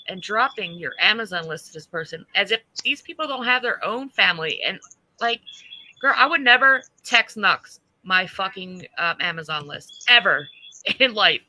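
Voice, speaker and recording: A woman's voice: medium pitch, no echo. A woman hosting a livestream, talking bluntly and with lots of swearing as she tells stories. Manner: blunt, profane, animated storytelling. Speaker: livestream host. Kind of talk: casual livestream chat.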